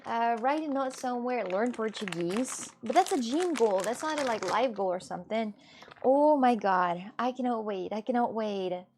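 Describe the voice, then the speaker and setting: A woman's voice: on the high side, normal speed, hardly any pauses, darkish tone, a little hiss or hum. A young woman livestreaming, chatting casually with her viewers and often repeating herself. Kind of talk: casual chat with live viewers.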